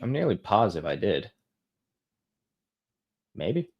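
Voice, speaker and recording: Young guy on a live q&a stream, kinda low voice, rambly and casual, lots of ums. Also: big pitch swings, takes it slowly, a little mellow, highs cut off. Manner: offhand, chatty, many fillers and restarts. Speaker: host answering viewer questions.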